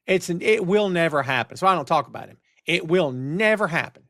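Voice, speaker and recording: A man's voice: a little high, a little fast, no room sound, clean studio sound. A middle-aged man hosting a live wrestling talk show, ranting with energy and reading out chat comments. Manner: animated, ranting, reads chat comments aloud. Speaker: podcast host. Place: home studio on camera. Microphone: headphones and studio mic.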